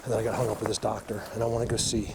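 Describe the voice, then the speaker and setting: A man filming an outdoor walking vlog in the woods, out of breath from a climb, talking excitedly and rambling straight to his viewers on a handheld camera. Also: lowish voice, very fast, background noise. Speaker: outdoor vlogger.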